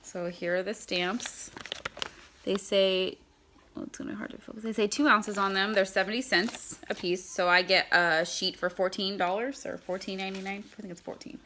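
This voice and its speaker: A woman's voice: mid-range voice, fairly even intonation, moderate pace, background noise. A woman giving a casual how-to demonstration, chatting as she packs and handles mail. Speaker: product seller.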